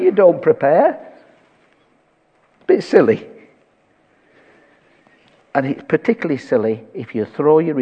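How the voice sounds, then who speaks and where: A man's voice: medium pitch, slightly rough. An older man, preaching a sermon and telling stories with quoted dialogue. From England. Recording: dull echoey hall.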